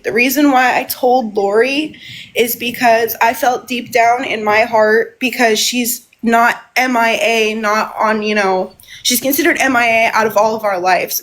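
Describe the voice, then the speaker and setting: Woman live-streamer, slightly high voice, rambling and emotional, repeating herself. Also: a bit bright, rough recording. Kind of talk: casual live stream monologue.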